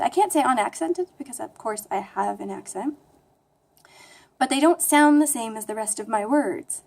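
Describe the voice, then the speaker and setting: A young woman with a flat American accent, chatting casually to camera in a rambling, self-deprecating way. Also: a little high. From United States. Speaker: language vlogger. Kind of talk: casual talking-to-camera vlog.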